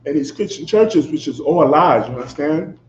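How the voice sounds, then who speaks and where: A male preacher with a fairly high voice delivers a fiery, confrontational sermon, hammering points home and constantly asking whether his listeners understand. His loud outbursts give way to low asides. The room is echoey, and the recording sounds dull, with faint ambience behind. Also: expressive, moderate pace, slight background noise. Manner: emphatic, constantly asks "you understand?".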